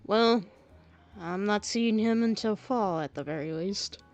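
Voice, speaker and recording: A woman's voice: mid-range voice, unhurried, a little mellow, highs cut off, faint music behind. A woman streamer reading a story game aloud and reacting with giggles and chatty asides.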